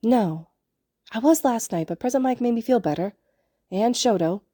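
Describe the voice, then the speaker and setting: A woman voicing an excitable four-year-old boy in a storybook reading, eager and chirpy. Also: on the high side, normal speed, no echo, studio quality, voice pushed up. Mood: tender.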